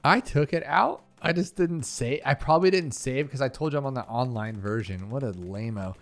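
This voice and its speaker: A man's voice: medium pitch, normal speed, a bit bright, soft background music. A man giving casual commentary over gameplay, rambling into talkative, emphatic stories and sounding exasperated. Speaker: gaming video creator.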